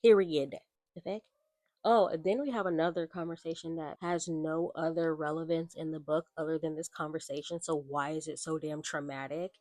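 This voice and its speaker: A woman's voice: low voice, fairly even intonation, a little fast, darkish tone, no room sound. A woman reviewing books in a casual vlog, reacting with incredulous, exasperated commentary and calling her viewers y'all. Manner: addresses viewers as y'all, baby, child. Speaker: book vlogger.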